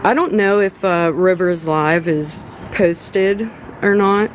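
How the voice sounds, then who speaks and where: Woman, livestream host, casual commentary, blunt, repeats herself, slow. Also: fairly low pitch, a little hiss or hum. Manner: repeats phrases, blunt and exasperated, swears.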